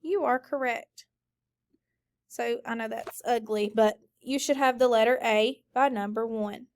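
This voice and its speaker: A woman teacher leading a recorded phonics lesson, slowly modeling and stretching out each word for students. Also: fairly high pitch. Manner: slow, drawn-out modeling of words.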